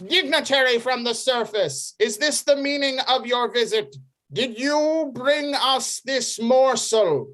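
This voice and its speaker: A woman's voice: high-pitched, takes it slowly, fairly bright tone. A woman voicing a regal, courteous slime princess in a tabletop role-play, speaking formally. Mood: stately. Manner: formal, stately welcome.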